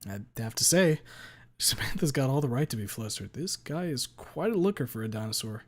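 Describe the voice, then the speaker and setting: A man's voice: mid-range voice, lively intonation, a little fast. Man steadily reading a visual novel. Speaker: narrator. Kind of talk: visual novel read aloud.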